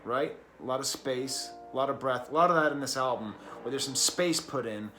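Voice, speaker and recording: A man's voice: mid-range voice, brisk, pushed and bright, faint music behind. A man reviewing an album in a casual, rambling way, with many fillers and restarts. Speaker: music reviewer.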